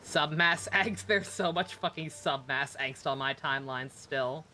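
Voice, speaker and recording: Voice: mid-range voice, unhurried, pushed and bright, slight background noise. A streamer chatting casually over gameplay, swearing freely and laughing often.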